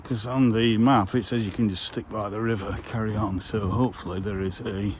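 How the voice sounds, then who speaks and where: A man vlogging on a riverside countryside walk, thinking aloud and muttering to himself with pauses, a little out of breath. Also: fairly low pitch, steady tone. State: slightly out of breath from walking. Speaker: walking vlogger. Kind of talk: casual walking commentary. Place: outdoors on a riverside countryside path. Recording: outdoor noise and passing vehicles.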